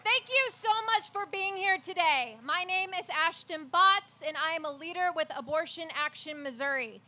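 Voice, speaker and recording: Woman activist at an outdoor rally, high bright voice, slow and earnest. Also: animated. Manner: measured, earnest, leads call-and-response chants. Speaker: activist leader, rally speaker. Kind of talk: rally speech.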